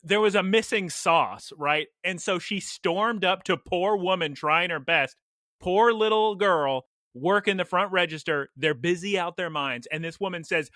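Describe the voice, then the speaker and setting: Bright, animated male podcast host. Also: high-pitched, measured pace, no echo, studio quality. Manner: animated, laughing storyteller. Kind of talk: casual podcast chat.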